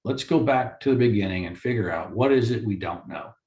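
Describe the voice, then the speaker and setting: A man who works as a mediator gives a lecture-style talk for course credit, animated and ranting, with many rhetorical questions. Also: fairly low pitch, fairly quick. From Florida. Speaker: mediator and lawyer. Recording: roomy echo.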